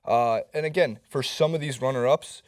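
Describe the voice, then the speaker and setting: Man, sports co-host, casual chat, laid-back, wry, mid-pitched voice. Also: moderate pace.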